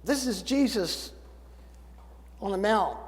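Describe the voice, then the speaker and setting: Preaching in a church sanctuary with long reverb, a man in his seventies tells folksy stories laced with dry humor. He speaks slowly in a high-pitched voice with lively intonation.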